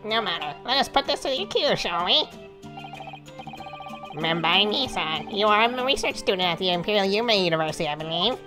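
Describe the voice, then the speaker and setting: A woman voicing a stern, haughty male prosecutor in a courtroom game, reading with a slow, formal, accusing delivery. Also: medium pitch, lively intonation, over music, lightly acted.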